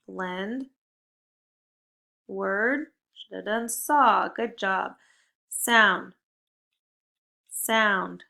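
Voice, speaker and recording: Slow, encouraging woman teaching phonics. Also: mid-range voice, pushed and bright. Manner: upbeat, encouraging, clear drilled prompts. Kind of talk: phonics lesson for young children.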